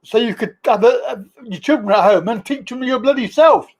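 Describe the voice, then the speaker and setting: A man's voice: extremely high pitch, brisk. A man hosting a casual livestream chat, giving blunt, emphatic opinions. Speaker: livestream host.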